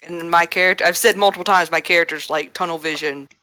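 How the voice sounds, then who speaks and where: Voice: mid-range voice, fairly even intonation, fast, pushed and bright, no echo. A player in a tabletop game, eagerly asking to act. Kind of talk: tabletop game play over voice chat.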